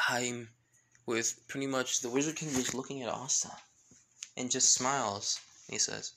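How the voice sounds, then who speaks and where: Male storyteller improvising a fan story; loose and rambling, creaky delivery. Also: medium pitch, fairly even intonation, a little slow, pushed and bright, a little hiss or hum. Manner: rambling, many fillers and self-corrections. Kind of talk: casual improvised story narration.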